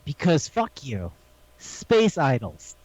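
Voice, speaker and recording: A man's voice: medium pitch, takes it slowly, highs cut off. A man co-hosting a podcast, animatedly retelling an anime episode and acting out the lines with frequent laughs. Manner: animated storytelling, acts out quotes, laughs often. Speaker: podcast co-host. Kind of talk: casual chat recapping an anime.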